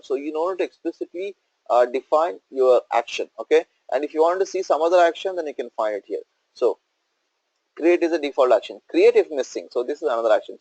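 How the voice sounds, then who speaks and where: Husky man explaining code step by step. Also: on the high side, a little mellow, no echo, poor audio. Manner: explains step by step, asks "okay?" and "right?" often. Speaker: instructor. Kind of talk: screen-share coding tutorial.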